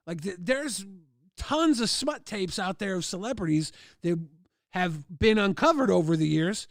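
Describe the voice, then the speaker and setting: A man with a high, gravelly voice rambles through crude stories, full of "like" and loose asides. He jumps into other people's lines with a raised voice. The sound is dry and close, with no room around it. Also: no room sound. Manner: rambling crude anecdotes with many "like" fillers. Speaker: livestream host. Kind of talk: casual storytelling.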